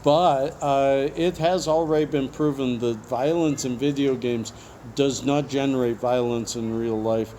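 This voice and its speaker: A man's voice: medium pitch, fairly even intonation, unhurried, warm tone, a little hiss or hum. A man from Canada, hosting a casual interview and reading out viewer questions in a chatty, joking way with frequent asides. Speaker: YouTube host.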